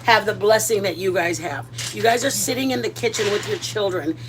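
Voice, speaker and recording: A woman's voice: mid-range voice, a little fast, background noise. A middle-aged woman vlogging in a rambling, chatty, self-deprecating way while she cooks at home. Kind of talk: casual chat.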